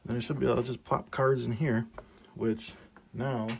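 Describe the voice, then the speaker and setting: A young man thinking aloud and getting excited as he works in a home workshop, filming a casual maker vlog. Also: medium pitch, unhurried, gravelly, a little hiss or hum. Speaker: maker vlogger.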